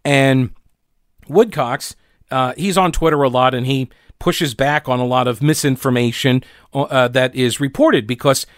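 A man's voice: medium pitch, a little slow, dry recording, clean studio sound. A male radio talk show host from North Carolina, chatty and sarcastic, full of fillers and restarts. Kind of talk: casual political commentary.

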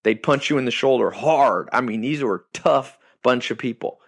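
A man's voice: medium pitch, normal speed, gravelly, dry recording. Emphatic man giving a motivational talk. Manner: emphatic, punchy, repeats key phrases. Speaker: podcast host. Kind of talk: motivational monologue.

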